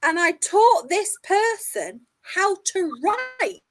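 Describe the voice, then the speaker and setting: A man's voice: very high-pitched, sing-song, slow pace, a bit bright, voice pushed up, full character voice, rough recording. A woman voicing an amazed old-fashioned postmaster.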